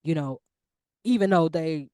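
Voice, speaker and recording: A woman co-hosting a casual sports talk show, lively and full of slang. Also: low voice, measured pace, no echo, clean studio sound. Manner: animated, slangy, lively talk about basketball. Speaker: podcast co-host.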